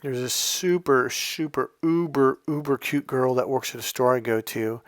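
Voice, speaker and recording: A man's voice: mid-range voice, moderate pace, no echo, soft background music. A man in his fifties, a dating coach giving a blunt, profane, emphatic motivational monologue. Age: 50s.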